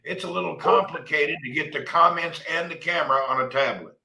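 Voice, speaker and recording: Guy hosting a livestream, folksy and jokey, bright tense voice, a bit high, echoey room. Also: a little fast, creaky, slight background noise. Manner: folksy, joking, reads viewer comments aloud. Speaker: livestream host. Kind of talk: casual livestream chat.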